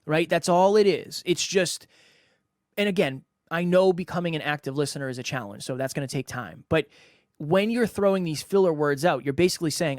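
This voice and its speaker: A man's voice: on the high side, brisk, dry recording, clean studio sound. A man hosting a solo podcast, coaching listeners in an emphatic way that repeats key phrases and acts out example lines. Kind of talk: solo instructional podcast talk.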